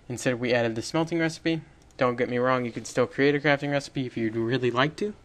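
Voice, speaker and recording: This young man hosts a casual screen-recorded coding tutorial in a mid-range voice at a fairly quick clip. His manner is rambling and chatty, with little laughs and frequent self-corrections as he goes.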